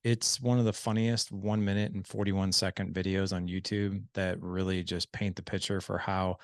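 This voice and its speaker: Appearing as a guest on a casual podcast, a man with a low voice discusses fatherhood at a moderate pace. He explains things earnestly and brings his stories to life by acting out what people said, and the studio sound is clean with no echo.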